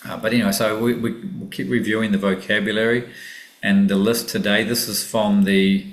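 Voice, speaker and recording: A man's voice: fairly low pitch, level tone, normal speed. A man teaching Greek vocabulary and grammar in a casual classroom lesson, thinking aloud with many ums and self-corrections. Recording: echoey room.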